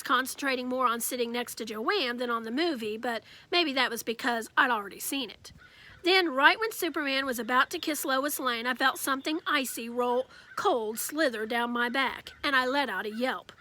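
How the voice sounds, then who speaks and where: A woman reading a children's novel aloud with lively storytelling. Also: high voice. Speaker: reader.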